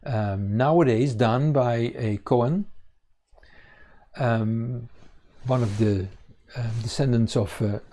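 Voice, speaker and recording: A man teaching a congregation on scripture, pausing often with fillers and restarting his sentences. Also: medium pitch, warm tone. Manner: halting, many fillers and restarts. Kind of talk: bible teaching.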